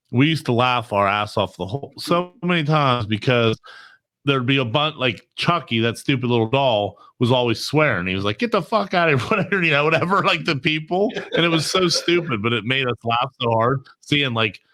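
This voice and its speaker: A man's voice: medium pitch, fairly bright tone. A man chatting casually on a podcast, telling rambling stories full of fillers. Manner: rambling, filler-heavy storytelling. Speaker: podcast host. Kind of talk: casual chat.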